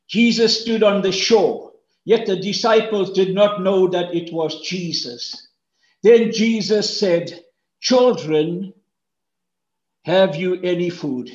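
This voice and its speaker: Male preacher, lively sermon delivery, roomy echo, unhurried. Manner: animated, acts out voices with big pitch jumps. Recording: roomy echo, dull lo-fi sound.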